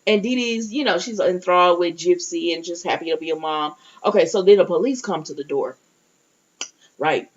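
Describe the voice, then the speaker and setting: A woman's voice: lowish voice, moderate pace. A woman giving a casual recap and review of a TV episode, speaking directly to her viewers and often restarting her sentences. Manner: chatty, talks to viewers directly, many restarts. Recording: dull lo-fi audio.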